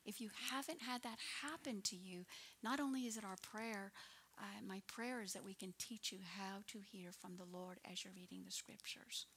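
A woman in her sixties giving an earnest personal testimony as a minister, often dropping into a soft, breathy near-whisper. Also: medium pitch, moderate pace, a little hiss or hum.

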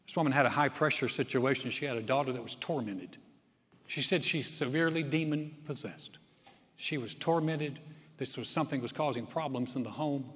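A man preaching a sermon as pastor, swinging from loud emphatic surges down to quiet, soft-spoken stretches. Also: medium pitch, fairly quick. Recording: long hall reverb.

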